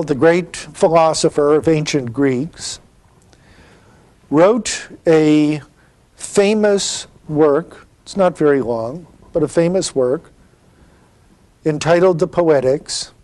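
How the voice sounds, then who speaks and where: A man's voice: on the high side, darkish tone. A middle-aged man giving a literature lecture, explaining patiently and asking rhetorical questions. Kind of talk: university-style lecture.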